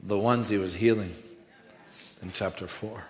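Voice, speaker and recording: A man's voice: lowish voice, steady tone, measured pace. A man preaching a sermon with emphasis, leading the congregation in call-and-response. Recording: echoey hall with long reverb.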